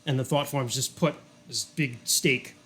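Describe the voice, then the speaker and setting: A man's voice: mid-range voice, fairly even intonation, a little slow, fairly bright tone, faint music behind. A man narrating a tabletop game as game master, casual and rambling, with lots of fillers and some swearing.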